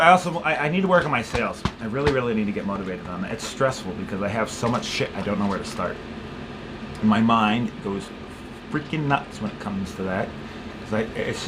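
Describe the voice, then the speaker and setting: Man, thirties, casual vlog, rambling restarts, handheld camera, heavy background noise. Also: mid-range voice. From United States. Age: 30s. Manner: rambling, restarts often, talks to his pet. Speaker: vlogger. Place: indoors at home, walking around. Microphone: handheld camera on a gimbal.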